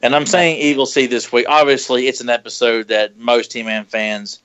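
A man co-hosting a podcast in easygoing chat, rambling and lively, with a mid-range voice. His talk comes through a somewhat dull, lo-fi recording. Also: mid-range voice, moderate pace. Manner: animated, rambling, slips into silly put-on voices. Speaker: podcast co-host. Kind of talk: casual chat.

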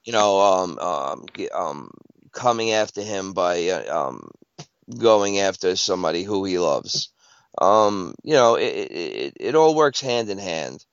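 A man in a casual podcast chat who talks haltingly, with many fillers and repeats. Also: sits low, very animated, smooth, no room sound. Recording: dull, dry lo-fi sound.

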